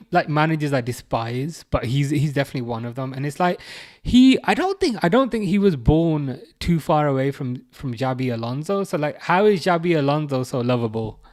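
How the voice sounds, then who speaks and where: A young man chats his way through a live football watch-along, reading viewer comments aloud. He rambles and jabs at rivals in a mocking tone, with plenty of fillers. His voice sits at an ordinary middle pitch and sounds dry and close to the mic. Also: dry recording. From England. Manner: rambling, chatty and mocking, with many fillers and restarts. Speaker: livestream host.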